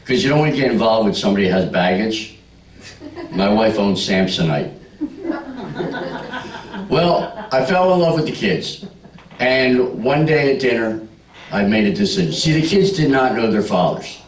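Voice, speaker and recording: At a party with a live audience, a sixty-something comic tells stories with punchlines and engages the crowd directly. His lowish voice is animated at a moderate pace, broken by long pauses, and the distant mic gives a roomy sound.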